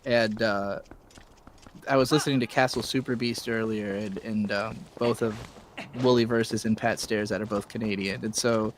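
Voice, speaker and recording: A man's voice: lowish voice, fairly even intonation, normal speed, a little hiss or hum. A man hosting a podcast in a casual chat, reading out chat comments and hunting for words as he goes. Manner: easygoing, trailing off and hunting for words.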